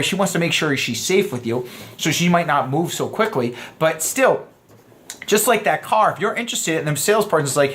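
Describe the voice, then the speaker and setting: A man's voice: fairly high pitch, fairly bright tone. A man teaching a dating course in a loose, conversational way, often acting out sample lines. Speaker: dating coach. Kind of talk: casual course lecture.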